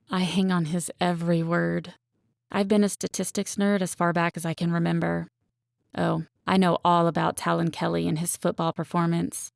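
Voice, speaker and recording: A woman's voice: lowish voice, little pitch movement, moderate pace, vocal fry, dry recording, clean studio sound. A woman narrating a first-person romance audiobook in a wry, self-aware storytelling manner.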